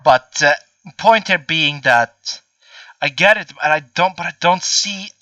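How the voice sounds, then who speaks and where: A man's voice: fairly high pitch, expressive, a little slow, sharp tone, dry recording, far from the mic, muffled recording. A man in his twenties chatting casually as a podcast host, rambling and swearing with many fillers. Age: 20s. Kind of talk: casual chat.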